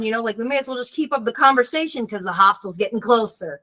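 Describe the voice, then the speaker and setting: A woman with a bright, forceful voice spins an animated tale. She leans on "like" and slips into the voices of the people she quotes. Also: on the high side, fast, few pauses, rough recording. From United States. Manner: animated storyteller, acts out quoted voices, frequent "like". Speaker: author, guest. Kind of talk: casual storytelling conversation.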